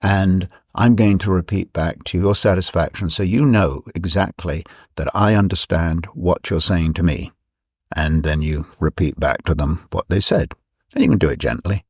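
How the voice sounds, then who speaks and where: A man giving a reflective talk, measured and explanatory, repeating key phrases for emphasis. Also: low voice, a little mellow, husky, no echo, studio quality. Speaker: speaker presenting his ideas.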